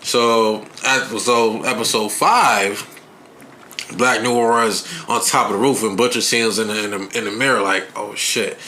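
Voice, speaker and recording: Man, podcast co-host, bright voice, faint background hum. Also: fairly low pitch, unhurried. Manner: animated, does goofy put-on accents. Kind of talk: casual review chat.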